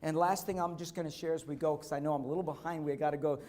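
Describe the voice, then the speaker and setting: A man's voice: on the high side, steady tone, warm tone. Earnest man telling a story on stage. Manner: storytelling, earnest, slows for emphasis. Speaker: keynote speaker. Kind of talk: motivational conference speech. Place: conference hall.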